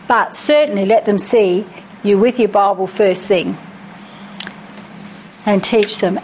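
A woman's voice: mid-range voice, a little mellow, a little hiss or hum, poor audio. A middle-aged woman teaching Christian parenting from her notes, earnest and practical, with chatty personal asides.

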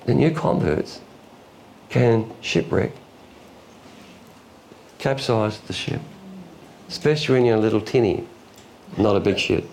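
A low-pitched man with a gravelly, creaky edge to his voice delivers a sermon. He preaches in a folksy way, full of homely illustrations and quick asides, with faint room sound behind him. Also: lively intonation, darkish tone, a little hiss or hum. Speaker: pastor.

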